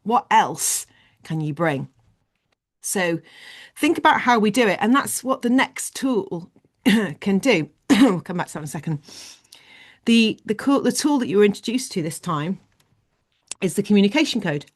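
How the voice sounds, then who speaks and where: A woman leading an online leadership training session, explaining ideas in an animated way on a video call. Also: mid-range voice, normal speed, long pauses.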